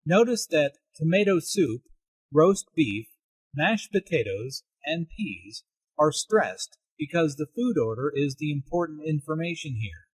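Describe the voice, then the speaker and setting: A man narrating a scripted English lesson, explaining language points slowly and deliberately. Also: fairly high pitch, lively intonation, slightly rough, no echo. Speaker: English teacher.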